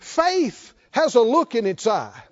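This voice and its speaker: Guy preaching, really high voice, slow emphatic delivery, kinda muffled lo-fi recording. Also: huge pitch swings. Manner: preaching, slow and emphatic, rising to fervent calls. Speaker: pastor. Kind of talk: sermon.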